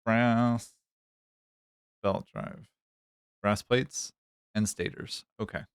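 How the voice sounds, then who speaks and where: A man's voice: fairly low pitch, extremely slow, creaky, clear, resonant tone, no echo, clean studio sound. A man streaming a game, chatting casually, joking and swearing freely, speaking English as a second language. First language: not English. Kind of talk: casual live-stream chat while playing.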